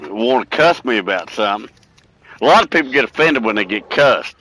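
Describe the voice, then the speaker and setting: A man's voice: mid-range voice, expressive, a little fast, a bit bright, slight background noise, rough recording. A middle-aged man in casual stream chat, blunt and profane, hammering his points home. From United States. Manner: blunt, profane, preachy and emphatic.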